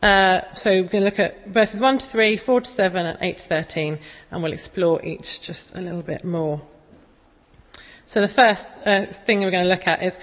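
A woman's voice: fairly low pitch, moderate pace. A woman, giving a casual, chatty sermon full of self-deprecating stories. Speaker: preacher. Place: church. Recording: long echo of a church hall.

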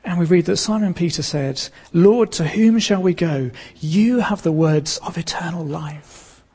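Male pastor, sermon delivery, earnest and emphatic, gravelly voice. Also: a little high, mellow, in a large hall. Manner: earnest preaching with pauses and emphatic repetition.

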